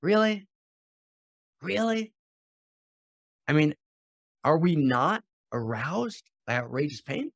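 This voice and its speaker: A man hosting a spiritual teaching podcast, speaking passionately and shifting between loud exhortation and quiet, intimate asides, often repeating phrases for emphasis. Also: fairly high pitch, sing-song, unhurried, no echo. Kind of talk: impassioned teaching talk.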